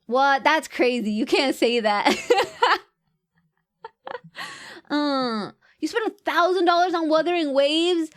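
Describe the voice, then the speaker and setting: A woman's voice: sits high, normal speed, hardly any pauses. A young woman streamer chatting casually and reading out viewer comments, playful and jokey and often laughing. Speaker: VTuber streamer.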